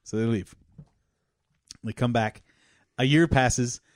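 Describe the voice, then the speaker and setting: A man co-hosting a comedy podcast, bantering casually with quick jokes and frequent laughter. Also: mid-range voice, no room sound, studio quality. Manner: jokey, quick interjections, laughs often. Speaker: podcast co-host.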